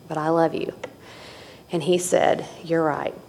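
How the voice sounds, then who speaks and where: A woman's voice: low-pitched, steady tone, a little slow, vocal fry, darkish tone, a little hiss or hum. A woman giving an earnest personal testimony to a recovery meeting, candid and repetitive as she tells her story. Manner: candid and earnest, with repeated phrases and restarts. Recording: echoey hall.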